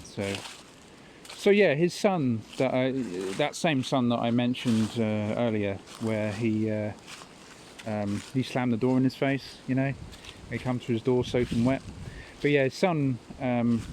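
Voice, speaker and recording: A man's voice: mid-range voice, measured pace, darkish tone, a little hiss or hum, rough recording. A man hosting a podcast, telling stories in a rambling, casual monologue and chuckling at his own tales. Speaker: podcast host.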